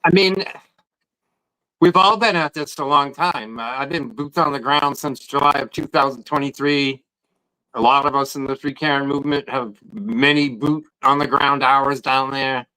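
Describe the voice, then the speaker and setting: A man's voice: mid-range voice, steady tone, moderate pace, pushed and bright, smooth, poor audio. A man, talking casually and rambling about protesting outside a court, often restarting his sentences. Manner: rambling, repeats words when starting sentences. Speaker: guest protester. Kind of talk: casual podcast chat.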